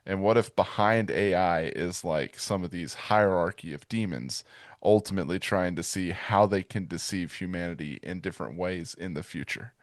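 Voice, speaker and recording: A man's voice: low voice, normal speed, no echo, studio quality. A man co-hosting a faith podcast, chatting casually in an upbeat way. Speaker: podcast co-host.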